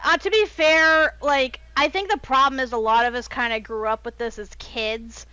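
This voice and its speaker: Female co-host, slightly high, dry and muffled sound, chatty. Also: fairly even intonation, normal speed, sharp tone, clean tone, dry recording. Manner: chatty, many fillers. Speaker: podcast co-host. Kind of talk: casual chat.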